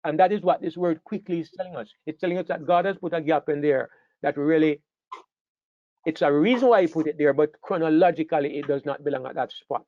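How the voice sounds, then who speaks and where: A man's voice: a little high, a little fast, dry recording, dull audio. Emphatic man teaching a Bible class. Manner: emphatic, repeats key words, checks listeners follow. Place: room with a class.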